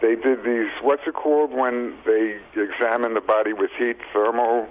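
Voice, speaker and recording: A man's voice: medium pitch, fairly even intonation, normal speed. A man calling in to a radio show, speaking hesitantly and searching for his words. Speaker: caller. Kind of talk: phone call-in question. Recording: tinny phone line with faint hiss.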